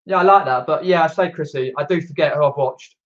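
A British man chats casually on a live stream from downstairs in his home, reading out viewer comments and rambling with lots of fillers and restarts. He speaks British English fast in a fairly high voice. The camera mic gives a lo-fi sound.

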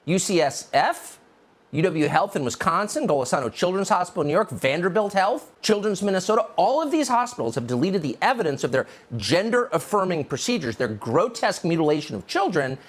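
An American man delivers a mocking, indignant monologue as a political commentator. His pitch swings widely, from low grumbles to sudden high jabs. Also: sing-song, fairly quick. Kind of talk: opinion monologue.

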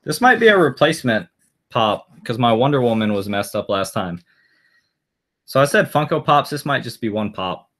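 A man's voice: mid-range voice, very animated, normal speed, fairly bright tone. A man chatting casually on a live stream, rambling and answering viewer comments aloud as he goes.

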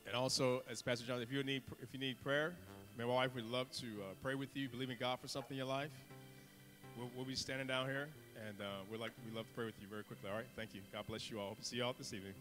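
A man preaching a fervent altar call as a guest preacher, swinging between loud exhortation and hushed asides. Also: medium pitch, steady tone, fast. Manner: fervent, preaching with sudden whispers and shouts. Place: church sanctuary. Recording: reverberant church hall with music.

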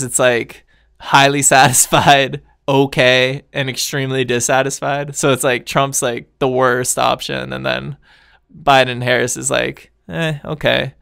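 Gravelly-voiced man rambling on his podcast. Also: mid-range voice, a bit bright, no echo, studio quality. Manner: rambling, loose, laughs often, trails off mid-thought. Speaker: podcast host. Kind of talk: casual solo chat.

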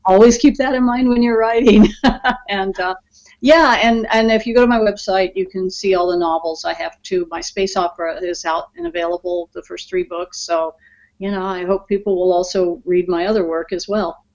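A woman's voice: mid-range voice, fairly even intonation, normal speed, darkish tone. Chatty woman on a muffled line. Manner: chatty, laughs easily, many fillers. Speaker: guest screenwriter. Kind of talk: casual podcast interview. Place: in Los Angeles.

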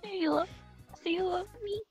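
A woman playing a clingy, obsessive yandere girl in comedic virtual-world role-play, talking in a soft, plaintive, devoted way. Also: very high voice, moderate pace, faint music behind. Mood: clinging.

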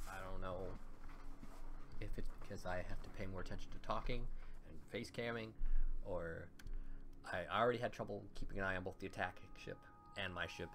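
A man casually commenting on his own gameplay, chatty and getting loud and excited when things go wrong. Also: low voice, background noise. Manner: chatty, gets loud and excited during fights. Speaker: gaming channel host. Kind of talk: let's play commentary. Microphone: desktop mic with face cam. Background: game music.

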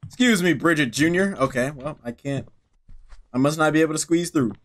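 Brisk and a little high-voiced, a young man records let's-play commentary for his YouTube channel while playing horror games. His remarks are joking and profane, and he answers the on-screen characters directly.

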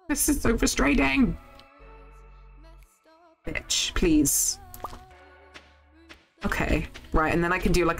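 A young woman chats to her viewers while she plays. Her voice sits fairly low, but she talks in big, swooping rises and falls. She swears easily, and quiet game music runs behind her. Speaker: streamer. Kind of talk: casual game-stream chat.

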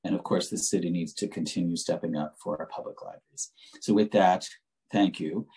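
New guy chairing a zoom hearing, really low voice, lots of uhs and restarts. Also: dark tone, rough recording. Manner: halting, with many fillers and restarts. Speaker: committee chair. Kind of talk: remote public hearing remarks. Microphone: video call.

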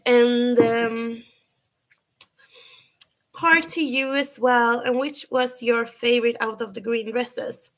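Slow-talking woman streamer. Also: fairly high pitch, fairly even intonation. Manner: chatty, rambling, heavy use of "like". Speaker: livestream host. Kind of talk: casual livestream chat.

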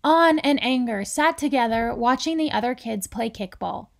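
A woman reading a children's picture book aloud in a gentle, deliberate storytelling manner. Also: fairly high pitch, lively intonation, vocal fry. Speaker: reader.

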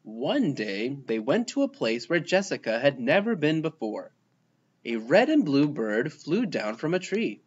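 A man reading a children's picture book aloud, expressive and playful, giving the characters their own voices. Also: on the high side, a little slow, husky, lo-fi sound. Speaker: storybook reader.

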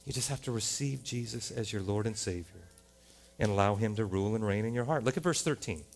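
A man with an American accent preaching a sermon as a pastor in a church, animated, often rising to loud exclamations and playful rhymes. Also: lowish voice, brisk, vocal fry. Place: church sanctuary.

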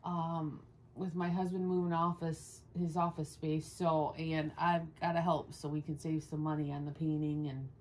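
A woman with a slightly low voice talks in a loose, rambling vlog style, addressing her viewers and then cooing at her dog. She sounds like she is filming herself indoors at home on a nearby camera, with a faint hiss behind her. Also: flat delivery, moderate pace, a little mellow. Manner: chatty and rambling, coos at the dog. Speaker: dog owner and channel host. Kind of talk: casual vlog talk while grooming a dog. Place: indoors at home, sunny room by windows. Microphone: camera set up nearby.

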